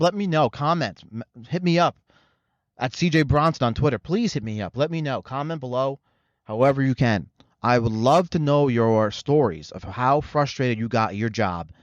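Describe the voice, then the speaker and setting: A man's voice: medium pitch, no echo. A man hosting his own show, delivering a rambling, sarcastic comedic rant full of profanity. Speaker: show host. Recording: slightly muffled dry recording.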